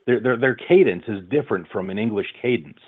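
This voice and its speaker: A man's voice: lowish voice, animated, fairly quick, slightly rough. A man who works as a voice-over artist, talking casually in an interview with many fillers and restarts. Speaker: voice-over artist, audiobook narrator. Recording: tinny phone-like line.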